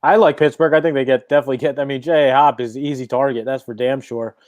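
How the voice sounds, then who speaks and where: A man's voice: mid-range voice, fairly even intonation, fast talker, a little mellow, no echo, dull audio. A man giving baseball betting picks in a blunt, confident way, swearing casually.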